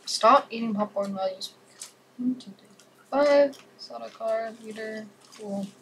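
A woman's voice: on the high side, unhurried, a bit bright, a little hiss or hum, rough recording. A woman playing a board game in casual chat, playfully bossy as she counts units and scolds her partner.

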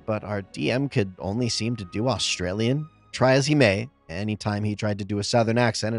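A man reading out reader-submitted tabletop game stories in a scripted narration, expressive, with pauses for comic timing. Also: lowish voice. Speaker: story narrator.

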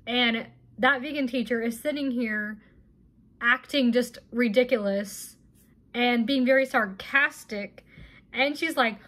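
A high-voiced woman giving casual reaction commentary. She sounds indignant and exasperated and keeps her talk loose and chatty. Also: slow pace, fairly bright tone. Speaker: reaction video host.

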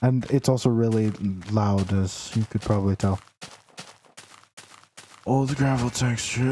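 Slow, mellow-voiced young man streaming games. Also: mid-range voice, a little hiss or hum. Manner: rambling, playful, talks to game characters in mock outrage. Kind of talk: casual live game stream. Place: home room, sitting in a noisy chair.

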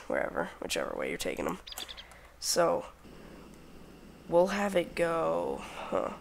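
A young man records casual game commentary at his computer, muttering to himself as he works out recipes. His voice has a gravelly edge and swings widely in pitch, and he talks at an unhurried pace. Faint noise sits behind the voice. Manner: mumbling to himself while crafting, counting under breath. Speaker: gaming channel host. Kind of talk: casual Minecraft let's play commentary.

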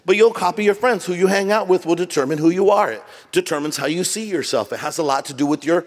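A man's voice: high voice, quick pace. A middle-aged man preaching a sermon as pastor, joking and conversational, jet lagged. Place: church auditorium. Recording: long reverb of a church hall.

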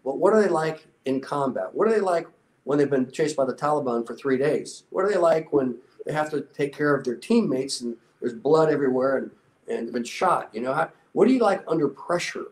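A man's voice: animated, a little fast, poor audio. Earnest older man telling a story. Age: 60s. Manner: earnest, motivational, quotes people in a softer low voice. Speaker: interview guest, former special warfare instructor. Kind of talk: conversational storytelling.

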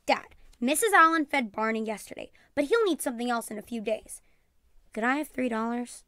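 A woman reading aloud and voicing an eager, excited young girl in a storybook. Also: on the high side, brisk, no echo, studio quality.

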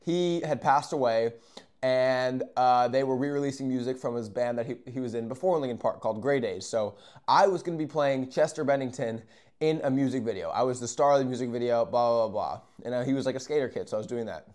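A young man telling a story in a casual, profane, animated way, with sudden loud bursts and quiet asides. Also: medium pitch, brisk. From Arizona. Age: young adult.

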